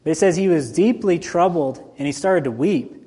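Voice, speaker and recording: A man's voice: fairly high pitch, fairly quick, breathy edge. Man preaching in a reverberant hall. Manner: conversational and animated, with sudden loud and soft swings. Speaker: pastor. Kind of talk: sermon.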